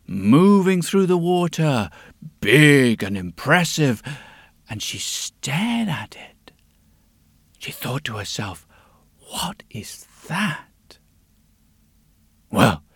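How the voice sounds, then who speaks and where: A man's voice: on the high side, gravelly, fairly bright tone, dry recording. A man telling a story in a dramatic way, often dropping to a whisper. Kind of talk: spoken storytelling to music.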